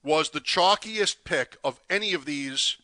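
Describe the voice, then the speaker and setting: Male co-host, bright voice, dry mic, teasing sports betting chat. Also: fairly high pitch, animated, unhurried, no room sound. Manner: builds suspense, teasing.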